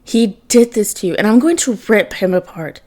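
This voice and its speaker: A woman's voice: mid-range voice, unhurried, warm tone, close to an everyday voice. A woman voicing a grieving young man who pleads through tears and turns vengeful, read in an audiobook-style fan reading. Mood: furious. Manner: tearful, pleading, then raging.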